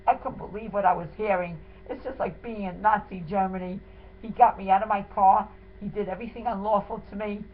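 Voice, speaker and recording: The speaker is a wife whose medium-pitched voice keeps a steady tone and moves a little fast. Indignant and emotional, she dramatically retells in the first person what happened to her and her husband. Audio quality is tinny and phone-like, carrying a faint hiss.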